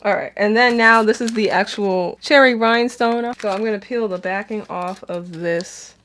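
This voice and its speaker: A young woman vlogs from home about a do-it-yourself outfit project, walking through it step by step while chatting casually and laughing at herself. Her voice is medium-pitched at a moderate pace, with background noise in the recording.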